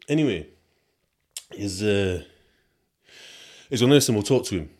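A young man talks in a loose, rambling monologue. He leans on street slang and keeps throwing asides at his listeners. His voice sits at an everyday middle pitch. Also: animated, fast, long pauses, darkish tone. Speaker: podcast host. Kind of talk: casual storytelling monologue.

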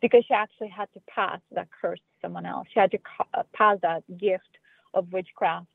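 A woman's voice: lowish voice, fairly even intonation, fairly quick, creaky, slightly rough, no echo. A woman speaking as a film guest on a radio interview, earnest and full of restarts. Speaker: filmmaker guest. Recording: tinny phone line.

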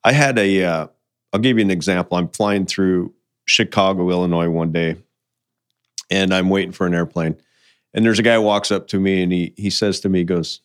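Low-voiced mining guy, folksy storyteller, casual chat. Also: moderate pace. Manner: folksy storyteller, quotes people in conversation. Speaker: mining guest. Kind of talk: casual podcast conversation.

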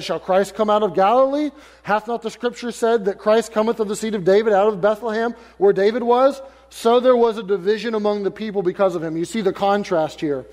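A man's voice: sits high, a little mellow, big-room sound. A male pastor preaching a sermon, reading scripture aloud and then paraphrasing it in casual everyday words. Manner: reads King James verses, then paraphrases them in casual modern speech.

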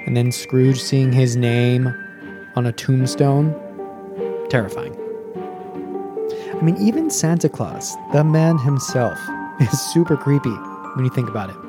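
American man, podcast host, jokey and punning, casual delivery, mid-range pitch, music in the background. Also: animated, a little slow, pauses often.

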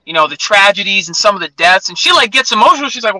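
A man's voice: high-pitched, expressive, fast, sharp tone, no echo, low-quality recording. A young man chatting casually as an interview guest, telling stories with lots of "like". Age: young adult. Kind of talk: casual chat.

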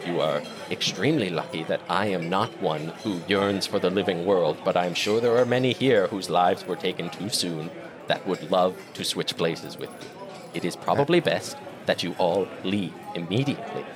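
A man's voice: low-pitched, normal speed, a crowd in the background, natural voice. A man voicing an aloof ghost woman who talks in a cool, dismissive way.

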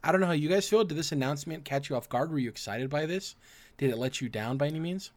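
Raspy-throated gaming podcast host. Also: male voice, fairly high pitch, fast. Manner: runs the segments, asks the panel questions. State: throat rough from acid reflux. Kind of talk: casual gaming podcast chat.

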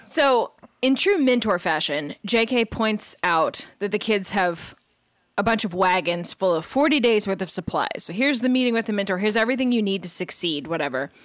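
A woman's voice: mid-range voice, moderate pace, dry recording. Sarcastic woman podcast co-host, dry sound. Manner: animated, sarcastic, frequent "like". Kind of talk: casual recap chat.

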